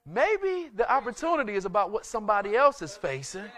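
A male pastor preaching with a very high, bright voice that swings widely as he pushes the congregation. He keeps circling back to the same rhetorical questions and breaks into shouts. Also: sing-song, a little fast. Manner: call-and-response preaching, repeated rhetorical questions, sudden shouts. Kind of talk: sermon.

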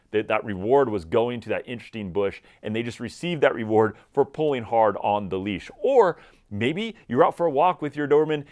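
A man giving energetic, conversational dog training advice directly to his viewers. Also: mid-range voice. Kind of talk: instructional talk to camera.

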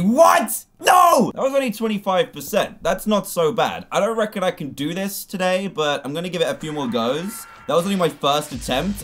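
An excitable man narrates his gameplay, his voice swinging widely up and down as he exclaims and laughs. Faint game music plays quietly behind him. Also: fairly high pitch. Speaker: gaming YouTuber. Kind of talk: let's-play gaming commentary.

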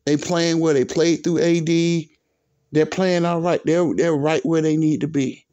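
Man, sports vlog rant, exasperated and repetitive, profane, dark mellow tone. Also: a little high, little pitch movement, unhurried, muffled recording. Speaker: sports video host. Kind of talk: ranting sports commentary vlog.

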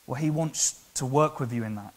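A man with an English accent preaching a sermon in church, earnest and conversational, building to loud, emphatic passages. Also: medium pitch, normal speed. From England. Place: church hall.

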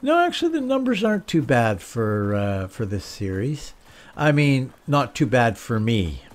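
A man's voice: medium pitch, very animated, measured pace. A man casually commenting on his own gameplay, chatty and self-deprecating, talking to himself as he goes. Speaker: gameplay streamer. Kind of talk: casual let's-play commentary.

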